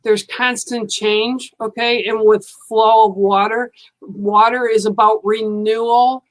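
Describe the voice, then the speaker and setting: A woman's voice: fairly high pitch, little pitch movement, slow pace, low-quality recording. A woman giving a psychic card reading on a live stream, speaking in a soothing, reassuring way and often checking in with "okay".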